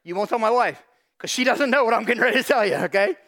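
A middle-aged man, a pastor, preaching a sermon in an animated storytelling way, talking straight to a live congregation. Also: very high voice, fast. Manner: animated storytelling, addresses audience directly.

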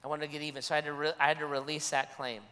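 A man's voice: a little high, level tone, rapid-fire, pushed and bright, big-room sound. A man preaching a sermon as a pastor, earnest, often restarting and repeating his phrases.

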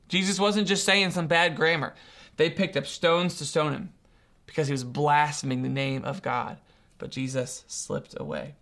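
An earnest preacher gives a sermon at an ordinary middle pitch with a fairly bright tone, pressing hard on key words and slowing so they land. His talk keeps circling back, repeating and restarting phrases and putting rhetorical questions to the listeners.

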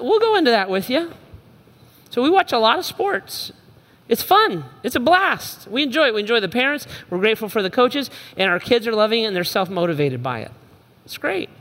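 A middle-aged man preaching a sermon as a pastor, telling family stories and acting out the voices of his kids, swinging from shouting down to soft and low. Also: sing-song, normal speed, big-room sound.

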